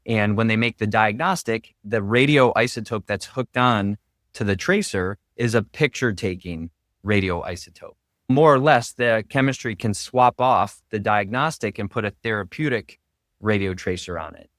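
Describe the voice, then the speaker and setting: Low-voiced man, dry close sound. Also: normal speed, a bit bright, no room sound. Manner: earnest, explanatory, heavy on "really" fillers. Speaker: radiation oncologist guest. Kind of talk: interview podcast conversation.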